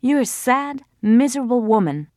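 A young pregnant wife, as a female narrator plays her, defensive and clipped, with a voice that climbs high above the narrator's usual low tone. The delivery is strained and held tight. It is recorded close and dry. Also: animated, moderate pace, darkish tone, no echo. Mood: bitter. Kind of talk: audiobook character voice.

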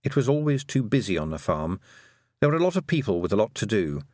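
Lively low-voiced male storyteller. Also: dry recording, studio quality. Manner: gently wry, unhurried storytelling. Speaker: narrator. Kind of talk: audiobook narration.

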